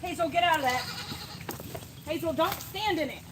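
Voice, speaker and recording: A woman's voice: very high voice, moderate pace, noisy background. A woman farmer in a goat pen, scolding and coaxing her goats in an exasperated but affectionate way. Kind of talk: casual farm vlog. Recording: loud bleating goats in background. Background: goats and sheep bleating.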